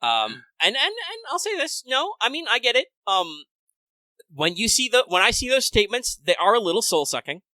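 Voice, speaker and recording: A man's voice: very high voice, normal speed, dry recording. A man co-hosting a casual gaming podcast, joking and ranting with plenty of profanity. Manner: animated, profane, joking rants. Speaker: podcast co-host.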